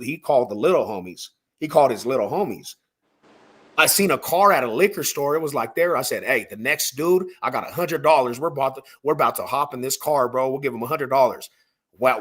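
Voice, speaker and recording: Man, husky, from Denver, slangy street storyteller, rambling podcast chat. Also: mid-range voice, a bit bright. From Denver, Colorado. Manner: slangy, rambling, peppered with "bro" and "homie".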